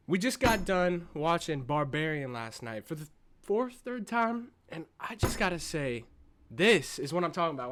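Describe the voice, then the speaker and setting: Hyped, foul-mouthed male reviewer with a higher voice, talking casually, loud one moment and hushed the next. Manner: excited, profane, swings between loud and hushed. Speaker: movie reviewer.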